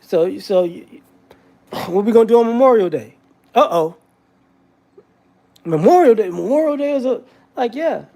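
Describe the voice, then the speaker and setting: A man's voice: sits high, a little mellow. A man giving a casual, rambling commentary monologue with frequent restarts and repetitions.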